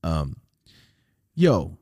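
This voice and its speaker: A man co-hosting a podcast, telling stories in a casual, profane, animated way, jumping into loud high-pitched outbursts when he quotes people. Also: very slow, dry recording. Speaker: podcast co-host.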